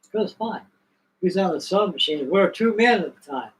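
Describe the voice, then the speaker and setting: A man's voice: high voice, animated, fairly quick, far from the mic, a little hiss or hum, poor audio. An older man from Virginia, hosting a live stream, spinning a rambling, folksy story with restarts. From Virginia, USA. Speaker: host.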